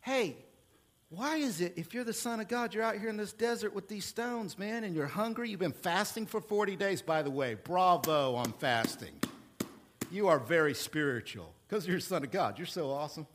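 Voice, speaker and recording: Smooth-talking devil tempter, done by a man, bright and pushy, heaping praise. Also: sits high, normal speed, slight background noise. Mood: gushing flattery. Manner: gushing, hyped-up flattery.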